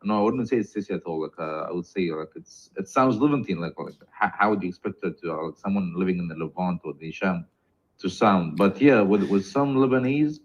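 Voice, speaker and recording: A man with a low voice talks in a relaxed live-stream chat. He stumbles and restarts his sentences often. The audio is dull and lo-fi. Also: fairly quick. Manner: hesitant, many repeated starts and fillers. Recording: dull lo-fi sound.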